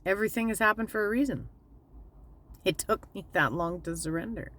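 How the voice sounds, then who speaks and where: A woman giving a casual, candid motivational talk as a spiritual vlogger, plainspoken and slowing down to stress her points. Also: mid-range voice, fairly bright tone.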